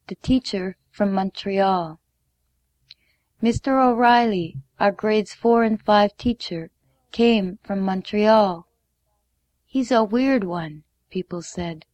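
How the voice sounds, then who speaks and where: A woman reads a first-person story aloud, slow and measured, sometimes dropping to a hush. Her voice sits in the middle of the range, and the recording is dry and close. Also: mid-range voice, dry recording. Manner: measured, deliberate, sometimes hushed. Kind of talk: reading a memoir story aloud.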